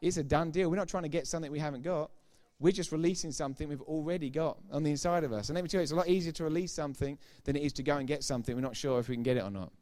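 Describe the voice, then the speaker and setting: A man's voice: on the high side, racing, few pauses, a little mellow. A middle-aged man preaching a sermon, emphatic and informal, repeating key phrases for effect and throwing chatty asides to the congregation. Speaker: pastor.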